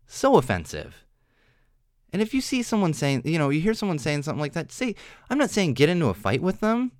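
A young man hosts a solo podcast, delivering an opinion monologue that rambles with many restarts, earnest and exasperated. His mid-range voice is captured on a studio microphone in a dry recording with clean studio sound.

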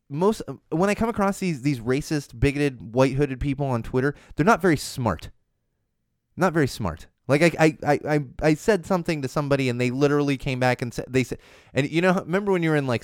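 Animated man riffing on tech news. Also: medium pitch, clear, resonant tone, no room sound, clean studio sound. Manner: animated, riffing, rambling asides. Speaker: podcast host. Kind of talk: casual news chat.

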